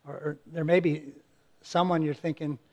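High-voiced earnest male pastor. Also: steady tone, normal speed, darkish tone. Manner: earnest, conversational, many restarts and acted-out quotes. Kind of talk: sermon.

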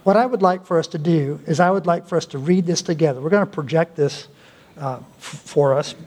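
A male pastor preaching a sermon, with deliberate pauses and an emphatic delivery. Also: fairly high pitch, darkish tone. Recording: long hall reverb.

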